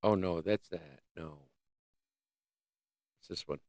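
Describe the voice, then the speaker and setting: A man hosting a casual livestream, rambling and joking as he thinks out loud. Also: low voice, slow pace, dry recording, studio quality. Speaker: livestream host.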